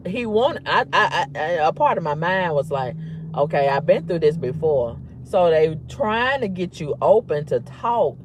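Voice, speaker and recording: A woman speaks in a husky, fairly low voice that swings widely in pitch. She tells her story bluntly and emphatically, repeating herself for force and cursing freely. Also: slight background noise. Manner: emphatic and repetitive, blunt and profane. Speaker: vlogger. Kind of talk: candid storytelling rant.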